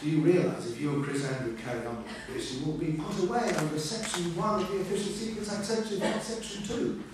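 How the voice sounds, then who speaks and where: A man's voice: fairly quick, background noise, lightly acted. A man voicing an elderly, paternal Cambridge don in a Churchillian-style manner, heard from far off in an echoey hall. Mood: warning. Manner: Churchillian-style booming delivery.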